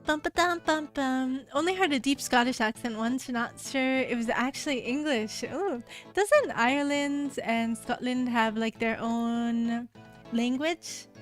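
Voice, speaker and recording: A woman's voice: high-pitched, a little slow, soft background music. An American woman streaming, chatting casually with her viewers in a rambling way, full of fillers. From United States.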